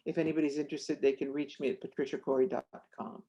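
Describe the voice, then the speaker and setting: A woman author and clairvoyant telling stories in an interview, animated and acting out the voices in her anecdotes. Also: sits low, fast talker, lo-fi sound. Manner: animated, acts out voices in anecdotes, laughs often. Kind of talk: storytelling interview chat.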